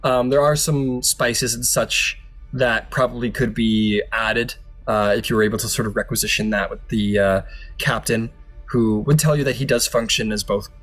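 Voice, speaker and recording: A man's voice: mid-range voice, fairly even intonation, normal speed, fairly bright tone, faint music behind. Chatty man narrating a tabletop game. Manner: loose, chatty, with fillers and laughs. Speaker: game master.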